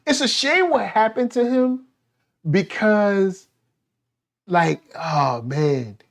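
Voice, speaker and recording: A man co-hosting a laid-back show review, joking and acting out scenes as he talks. His voice leaps up and down in pitch, and he speaks colloquially and loosely. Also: slow. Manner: animated, acts out scenes in silly voices. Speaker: podcast co-host. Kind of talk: casual TV review chat.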